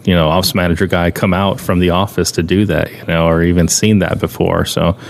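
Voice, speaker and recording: Laid-back host guy, really low voice, bit of hiss behind him. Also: brisk, vocal fry. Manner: relaxed, lots of fillers. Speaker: podcast host. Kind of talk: casual chat.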